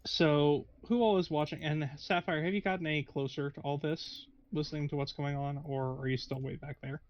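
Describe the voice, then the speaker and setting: A man's voice: fairly high pitch, fairly even intonation, fairly quick, dull audio. A man narrating as game master of a tabletop game in a meandering, hesitant way. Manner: meandering, hesitant, frequent restarts.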